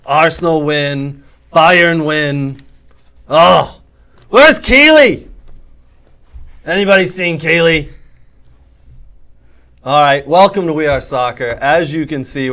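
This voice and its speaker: A host putting on a gruff English football tough guy, raspy and rude, yelling insults at lazy viewers. The accent is put on and slides into Australian, with a voice set somewhat high. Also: expressive, slow pace, long pauses. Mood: gruff barking. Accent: put-on English, drifting Australian. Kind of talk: costumed show opening.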